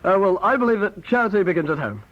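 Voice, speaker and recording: A man's voice: high-pitched, sing-song. A man with a Northern Irish accent voicing a pompous, hesitant middle-aged politician on an old comedy tape. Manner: halting, full of hesitations. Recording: dull old cassette tape with hiss.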